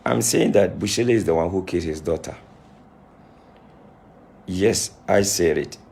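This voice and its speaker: Deep, creaky and darkish in tone, a man's voice moves at normal speed as he speaks to camera as a self-styled spiritualist. His impassioned monologue is an emphatic, repetitive scolding, and he says he's crying.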